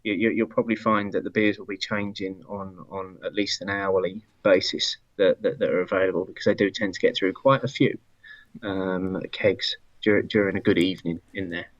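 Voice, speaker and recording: A man co-hosts a casual beer podcast in a steady voice, halting and restarting as he talks. His sound is dry and a little dull, like a modest lo-fi mic. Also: deep voice, dry recording. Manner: halting, repeats words, measured. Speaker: podcast co-host.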